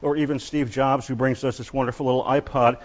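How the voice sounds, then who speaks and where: Halting male literature lecturer, muffled sound. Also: medium pitch, little pitch movement. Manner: halting, many fillers and restarts. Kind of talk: classroom lecture.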